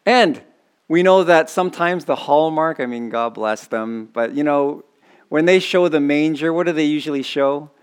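A man's voice: on the high side, clear, resonant tone. A man preaching a sermon in a conversational way, often asking the congregation questions. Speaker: pastor.

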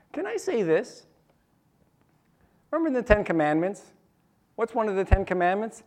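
A man's voice: sits high, sing-song, normal speed, pauses often, darkish tone. A man preaching a sermon in a conversational, storytelling way, often asking his listeners questions and repeating phrases for emphasis. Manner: repeats phrases, restarts sentences.

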